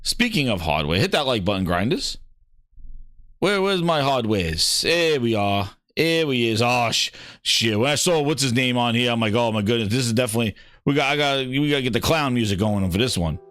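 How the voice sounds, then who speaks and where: A man hosting a gaming show, talking in casual, opinionated commentary. He swears freely, mocks other people in put-on voices and gets excited as he reads. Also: medium pitch, brisk, dry recording, clean studio sound. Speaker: gaming podcast host.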